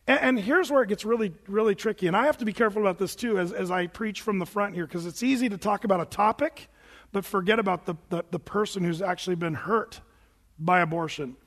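A high-voiced male pastor preaches a sermon in a casual, conversational way, often restarting his phrases. His voice rings through a large church sanctuary with a long reverb. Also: fast, fairly bright tone.

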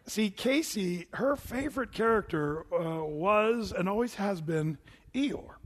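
A middle-aged male pastor giving a chatty, animated sermon full of stories and restarts. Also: high-pitched, slow pace. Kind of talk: sermon with storytelling.

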